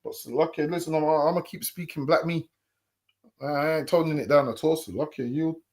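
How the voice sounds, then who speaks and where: A man's voice: a little high, a little fast. Argumentative man co-host. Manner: argumentative, restarts and stammers. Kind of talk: reaction commentary.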